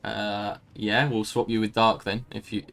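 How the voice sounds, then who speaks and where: Calm, low-voiced raid leader. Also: male voice, a little slow, creaky. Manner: calm, organizing, polite with fillers. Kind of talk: casual voice chat.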